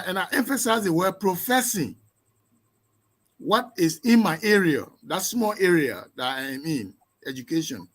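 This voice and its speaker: A man with a fairly high voice speaks as a guest professor in an interview, lecturing with emphasis. He drives his points home through runs of rhetorical questions. His delivery swings from loud to soft and from brisk to slow. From Liberia. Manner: sweeping shifts in loudness and pace. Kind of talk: interview answer.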